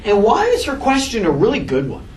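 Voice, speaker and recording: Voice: mid-range voice, wildly swooping pitch, a little fast, darkish tone, far from the mic, slight background noise. A teacher giving a casual, joking classroom lecture and asking the class questions. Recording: echoey classroom taped from afar.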